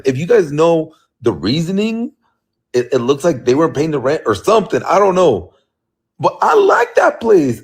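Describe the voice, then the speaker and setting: A man talks through a casual vlog, thinking out loud in an animated, puzzled way. His husky voice swoops up and down a lot. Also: on the high side. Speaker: vlogger.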